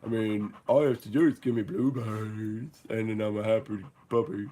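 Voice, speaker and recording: A man's voice: lowish voice, fairly even intonation, a little fast, warm tone, lightly acted. A man doing a whiny, needy pet puppy. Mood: wistful. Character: young male pet dog, whiny, needy and playful.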